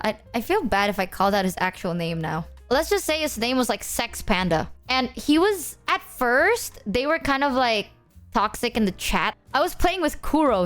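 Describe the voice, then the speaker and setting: A young adult woman streamer rambling through game stories with slang and swearing. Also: on the high side. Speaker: VTuber streamer. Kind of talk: casual storytelling about games.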